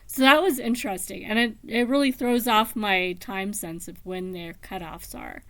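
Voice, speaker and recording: A woman talking casually about books, slow and meandering with many pauses and ums. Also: mid-range voice, fairly bright tone, no room sound. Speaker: book vlogger. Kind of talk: casual book chat.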